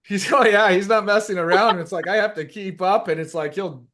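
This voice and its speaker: A woman's voice: medium pitch, fairly quick, crowd noise. A woman in casual chat who laughs easily as she talks. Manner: giggly, laughs while talking.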